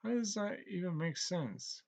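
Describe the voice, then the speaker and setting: An actor playing a surly young man who hunts heroes, gruff and scornful, given to cursing. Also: sits high, very animated, measured pace, a little mellow, exaggerated voice. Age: young adult.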